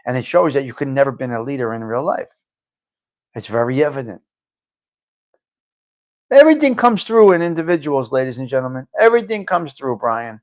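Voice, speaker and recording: A New man holds forth on his live-stream talk show in a blunt, salty monologue. He drifts between low, muttered asides and sudden loud bursts. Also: very animated, a little fast, pauses often. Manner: blunt, profane, ranting, swings from low muttering to loud outbursts. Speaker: livestream talk show host.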